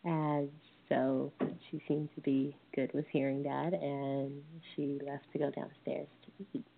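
A woman in her thirties, a lay minister giving a dharma talk, telling a family story slowly and gently with wry humor. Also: very deep voice, little pitch movement, gravelly, slight background noise. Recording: tinny phone-like sound.

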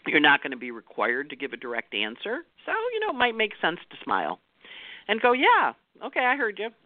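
A woman's voice: deep voice, huge pitch swings, brisk, no echo, narrow, tinny audio. A woman astrologer giving a chatty weekly forecast. She laughs often and acts out the voices she quotes.

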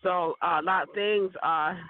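A woman with a cold, sounding hoarse, chatting in a rambling casual monologue. She repeats words and chuckles often. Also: lowish voice, fairly even intonation, moderate pace. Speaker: vlogger. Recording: tinny phone-like dry recording.

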